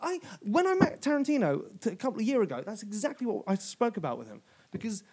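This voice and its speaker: A man whose first language is French chats on a podcast with his friends. His voice sits slightly high, and he swears freely and jumps between loud and soft as he gets carried away. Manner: animated and profane, quick swings in loudness. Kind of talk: casual chat.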